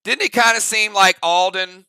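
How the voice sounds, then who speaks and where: A man hosts a live-stream reaction, rambling through his thoughts and speaking straight to his viewers. His voice sits high and carries a gravelly rasp, yet it stays smooth and resonant. The sound is close and dry. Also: moderate pace, bright, forceful tone, no room sound. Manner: rambling, thinks aloud with restarts, talks straight to chat.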